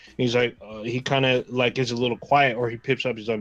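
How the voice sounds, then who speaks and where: A man co-hosting a casual livestream chat, rambling along in a relaxed way and acting out his own reactions. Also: mid-range voice, a little fast, few pauses, dry recording, muffled recording. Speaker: podcast co-host.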